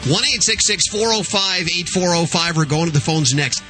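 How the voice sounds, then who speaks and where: A man hosting a radio call-in show about pets, talking in a relaxed, conversational way. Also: fairly high pitch, moderate pace, soft background music.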